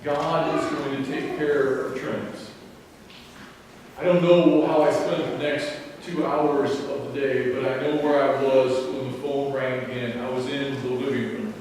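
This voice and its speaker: A male pastor giving a sermon, telling a personal story in an earnest, deliberate way. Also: medium pitch, fairly even intonation, a little mellow, slight background noise. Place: church sanctuary. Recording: echoey sanctuary, mic at a distance.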